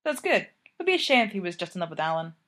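A man's voice: high-pitched, sing-song, very fast, pushed and bright, exaggerated voice. A woman voicing a drunk, cheerful young college guy who talks playfully and boastfully.

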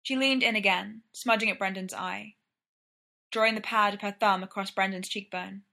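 A woman reading fiction aloud in a measured, even storytelling manner. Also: mid-range voice, gravelly. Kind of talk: audiobook fiction narration.

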